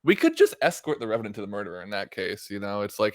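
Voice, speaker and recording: A male player jokes through a casual tabletop game session, his pitch swinging widely in an average voice. The sound is close and dry. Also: fast, no room sound. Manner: joking, lively.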